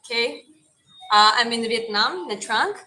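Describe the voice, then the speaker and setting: Bright-voiced woman chatting on a livestream. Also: fairly high pitch, lively intonation, unhurried, poor audio. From Georgia. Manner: chatty, rambling with many restarts. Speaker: livestream host reading chat. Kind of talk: casual livestream chat.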